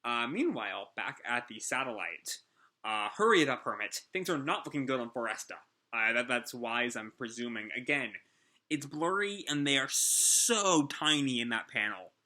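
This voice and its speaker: A man's voice: mid-range voice, lively intonation, normal speed, bright, forceful tone. A man chatting casually through a live manga chapter reaction, enthusiastic and full of fillers.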